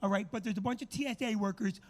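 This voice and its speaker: A man's voice: sits high, fast talker. A middle-aged man, telling a comic story in a brash, profane, exaggerated way. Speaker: comedian host. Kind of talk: storytelling chat.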